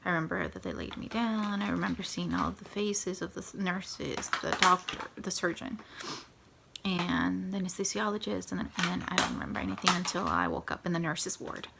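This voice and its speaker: A young woman with a gravelly, creaky edge sits and recounts her own story in a casual vlog, sometimes sinking into a soft whisper. Steady background noise runs under the whole recording. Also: on the low side, fairly quick. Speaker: vlogger. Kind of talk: personal storytime.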